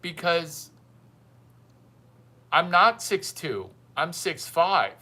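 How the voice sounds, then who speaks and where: A man's voice: on the high side, big pitch swings, very slow, bright, forceful tone. A man hosting a livestream as a mentor, talking to his viewers in a blunt, teasing way and repeating lines for effect. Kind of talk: casual livestream monologue.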